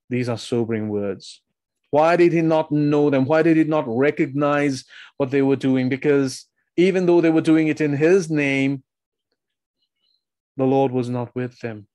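A man's voice: medium pitch, darkish tone, no room sound. Earnest man preaching in a dry room. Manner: earnest, emphatic, with rhetorical questions. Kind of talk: sermon.

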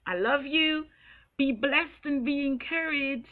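A woman's voice: high voice, takes it slowly. A woman preaching in an earnest, pleading way, calling out in repeated prayer over a live stream. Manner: earnest, pleading, repetitive intercession. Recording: tinny phone-like audio.

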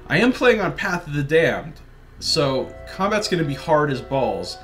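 A man's voice: on the high side, very animated, unhurried, fairly bright tone, faint music behind. A man giving casual, joking let's play commentary while chatting with his viewers. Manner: chatty, joking, talks to chat. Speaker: gaming livestreamer.

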